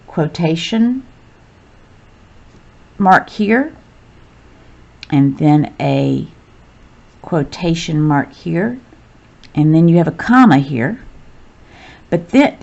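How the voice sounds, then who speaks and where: A woman's voice: sits low, a little mellow. A woman teacher patiently walking through a recorded grammar lesson step by step.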